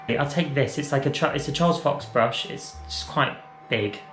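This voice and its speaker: A man's voice: mid-range voice, moderate pace, a bit bright. Brief: male drag makeup vlogger, rambling playful chat, room echo with faint music. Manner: rambling, self-correcting, playful. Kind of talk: chatty makeup tutorial. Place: room at home.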